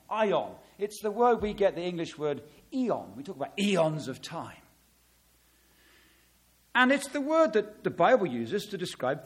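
A middle-aged man preaching a sermon, dramatic, swelling loud on key words and dropping to a hush. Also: sits high.

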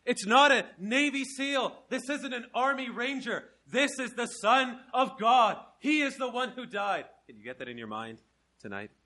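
A young man from Canada preaching an evangelistic sermon, swinging from soft, slow emphasis to loud, driving proclamation. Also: very high voice, sing-song.

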